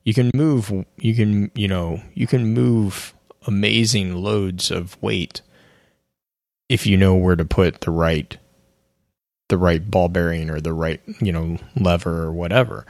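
Um homem que co-apresenta um podcast num bate-papo casual, com voz grave e áspera. A entonação dele é bem animada e ele divaga, reformulando frases com frequência. O som é seco e próximo. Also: male voice, sits low, steady tone, a little slow, creaky, darkish tone, no echo. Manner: rambling, restarts often. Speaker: podcast co-host. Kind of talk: casual chat.

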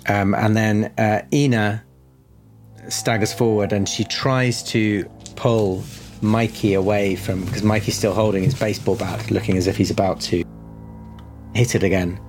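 A man running a tabletop horror game as game master, narrating with many pauses and restarts. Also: fairly low pitch, steady tone, a little mellow, faint music behind. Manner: hesitant, many fillers and restarts.

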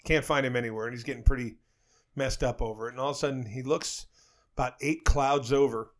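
A man's voice: medium pitch, steady tone, a little fast. Rambling man telling crude jokes. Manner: rambling, laughs at his own jokes. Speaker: podcast co-host. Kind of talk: casual crude chat and joke telling.

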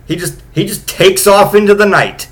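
A man's voice: sits high, normal speed. Rambling, profane man in his late thirties. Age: late 30s. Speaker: podcast host. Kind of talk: casual comedic storytelling.

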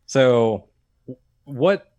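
A young man in an easygoing podcast conversation, feeling his way through his points. His pitch sits in a middle range, and his speech is loose and casual, with swearing. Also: expressive, drawn-out words, a little mellow, muffled recording. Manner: casual, searching for words, swears freely. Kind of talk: casual chat.

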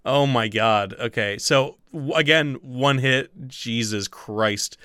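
A man's voice: medium pitch, takes it slowly, pushed and bright, smooth, no echo, studio quality. A man running a tabletop game as game master, rambling with fillers, swearing casually and laughing often.

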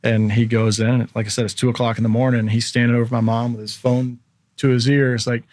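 A man's voice: mid-range voice, flat delivery, fast, a little mellow, no echo, clean studio sound. A man in his thirties, a former pro athlete as podcast guest, telling a long story casually and acting out the people he quotes.

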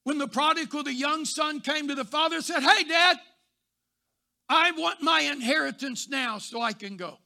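A man preaching a sermon, telling stories and rising to shouts before dropping soft. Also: extremely high pitch, brisk, vocal fry, hardly any pauses. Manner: builds to shouting, then drops soft. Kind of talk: sermon with storytelling.

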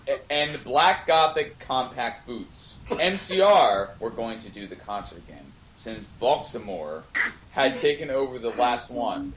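A man reads bad fan fiction aloud in an unhurried, bright, lively voice, milking every line for mock drama. The echoey room carries a faint hiss behind him. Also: mid-range voice. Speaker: podcast host. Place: dining room.

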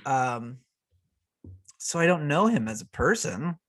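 A man in a casual chat, laid-back and profane, quick to laugh along. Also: medium pitch, sing-song.

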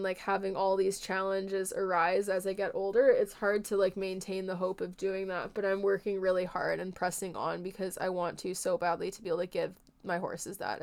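A woman with a smooth, clear voice talks through a casual podcast monologue. She rambles earnestly and leans on filler words as she hosts the show. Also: medium pitch. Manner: rambling, heartfelt, filler-heavy speech. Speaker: podcast host and horse trainer.

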